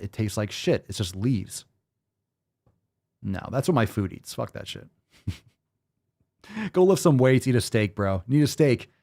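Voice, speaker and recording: Male fitness host on a live stream, swearing freely, lively swooping pitch, mid-range voice. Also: creaky. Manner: profane, ranting, energetic.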